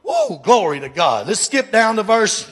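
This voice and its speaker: High-pitched male pastor, preaching with big swings from shouts to hushed lines, church hall with long reverb. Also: wildly swooping pitch, a little slow, slightly rough. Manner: preaching with dramatic swings from loud calls to hushed asides. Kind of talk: sermon.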